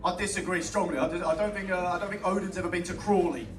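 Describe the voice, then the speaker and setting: A man's voice: high-pitched, steady tone, fast talker, recorded from a distance. A young man from England performing a stand-up set, swearing freely and bantering with the crowd. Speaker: stand-up comedian. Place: small comedy club. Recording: echoey club room, mic heard from afar, loud crowd. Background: audience laughing.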